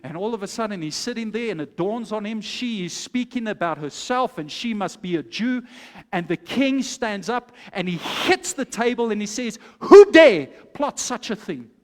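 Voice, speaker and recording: High-voiced pastor preaching. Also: male voice, expressive, normal speed, big-room sound. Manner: exhorting, storytelling. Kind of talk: sermon.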